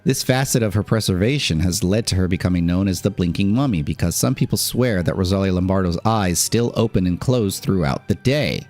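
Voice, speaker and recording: A man's voice: deep voice, fairly quick, few pauses, a little mellow, soft background music. A man streamer reading an article aloud on a live stream, with casual asides and laughs in between.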